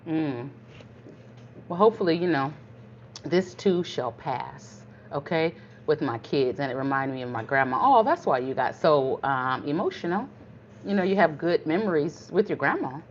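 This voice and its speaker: With a low voice, lively intonation, and a moderate pace, an older woman chats casually through her live cooking stream. Her tone is folksy and encouraging, heard through muffled, lo-fi livestream sound over a faint room hum.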